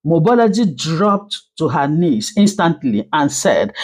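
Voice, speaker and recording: A woman narrating a dramatic story in an expressive storytelling manner. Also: low-pitched, a little slow, hardly any pauses.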